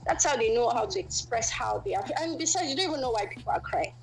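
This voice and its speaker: A woman in a casual chat, explaining her view earnestly with quick asides. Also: a little high, expressive, gravelly, crowd noise, rough recording. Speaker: guest.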